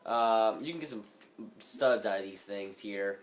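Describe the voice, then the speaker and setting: A man's voice: fairly low pitch, measured pace, faint music behind. A man giving rambling, jokey commentary over a video game, sometimes in a mock-businesslike tone, recorded on a phone microphone. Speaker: let's play gamer. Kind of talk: casual gameplay commentary.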